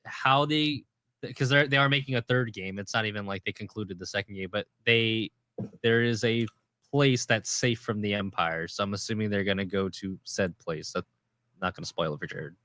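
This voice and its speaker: A man co-hosting a casual podcast chat, animated and excitable. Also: fairly low pitch, normal speed, dry recording. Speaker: podcast co-host.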